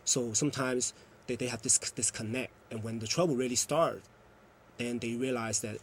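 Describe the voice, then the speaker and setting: A man's voice: mid-range voice, fairly even intonation, normal speed, a little hiss or hum. A man, a youth program coordinator, earnestly explaining at length in a TV interview. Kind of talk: TV interview answer.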